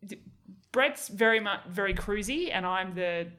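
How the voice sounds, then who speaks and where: A young Australian woman hosting a casual interview, chatty and quick to laugh. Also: medium pitch, animated, pushed and bright. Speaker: podcast host.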